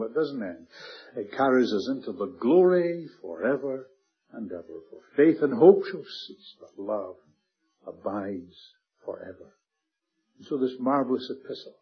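A man preaching a Bible sermon earnestly, slowing and dropping his voice on key words. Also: medium pitch, husky, lo-fi sound. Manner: earnest, emphatic, slows and drops to a hush on key words.

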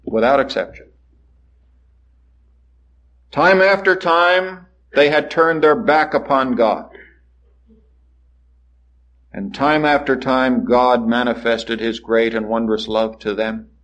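A man's voice: medium pitch, slow, pauses often. Dramatic preacher man, dull recording. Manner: dramatic rises and hushed drops, acts out quoted voices. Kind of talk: sermon.

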